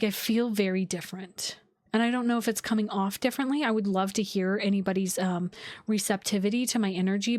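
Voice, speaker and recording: A woman's voice: medium pitch, darkish tone, dry recording, studio quality. Gushing woman astrologer chatting live. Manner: effusive, gushing, heartfelt; talks with many likes and restarts. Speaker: astrologer hosting a live stream. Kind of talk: casual live-stream chat with viewers.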